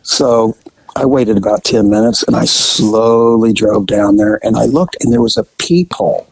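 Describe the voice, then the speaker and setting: A man, a former police officer, telling a profane anecdote in an animated, casual way. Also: fairly low pitch, moderate pace, creaky, no room sound, rough recording. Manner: animated, profane, laughing at own story.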